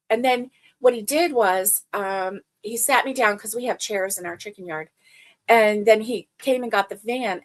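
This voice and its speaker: A woman hosting a crochet livestream, telling a rambling story in casual chat and greeting viewers by name. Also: a little high.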